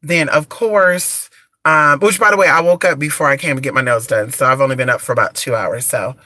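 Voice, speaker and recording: A woman who does spiritual candle services, talking in a blunt, profane rant, her voice raspy from just waking up. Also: deep voice, fairly quick, bright, forceful tone, no echo. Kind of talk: casual rant to camera.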